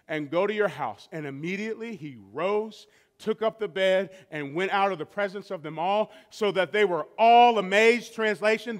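A man preaching a sermon as pastor, rising to drawn-out shouted repetitions and dropping to slow, quiet stretches. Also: high-pitched.

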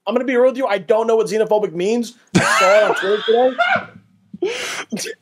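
A man's voice: sits high, a little fast, very noisy. Teasing laid-back man on a call. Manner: laid-back, teasing, says dude and bro. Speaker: guest. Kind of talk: casual chat.

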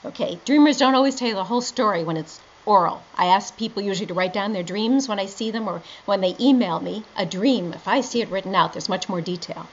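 A middle-aged woman teaching dream interpretation in a lively lecture, acting out both sides of a conversation. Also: mid-range voice, fast talker, hardly any pauses. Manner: animated storytelling, quoting both sides of a conversation. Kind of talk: lively lecture with acted-out dialogue. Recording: dull lo-fi lecture recording with faint noise.

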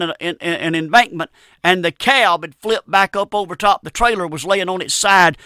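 A man's voice: high-pitched, sharp tone, smooth, no echo, clean studio sound. A middle-aged man, preaching a sermon in an earnest, plain-spoken storytelling manner.

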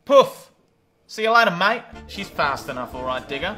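A man's voice: sits high, very animated, normal speed, bright, forceful tone, full character voice. A man doing a brash Aussie smuggler captain. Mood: cocky. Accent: broad Australian. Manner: cocky, swaggering, full of slang. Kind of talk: comedy parody dub. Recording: music behind the voice.

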